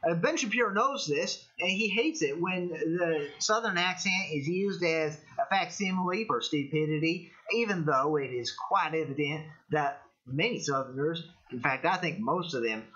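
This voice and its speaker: A young American man with a Californian accent hosts a casual political commentary livestream, rambling through opinions and answering chat. His voice is a little high, expressive and sharp at a moderate pace, slightly rough over dull lo-fi stream audio.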